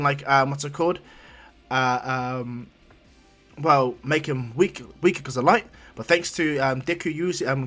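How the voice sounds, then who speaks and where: A man's voice: a little high, bright, forceful tone. A man casually narrating a fan story in a rambling way, with lots of fillers.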